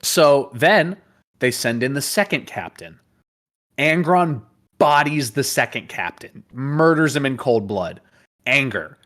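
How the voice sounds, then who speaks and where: A man hosting a casual chat, retelling lore in an animated, profane way and laughing often. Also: medium pitch, takes it slowly. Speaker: host.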